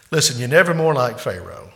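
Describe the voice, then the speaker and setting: A male pastor preaching with a bright, forceful voice. He builds to loud, emphatic peaks and then drops into hushed, intimate asides to his listeners. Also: medium pitch. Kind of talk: sermon.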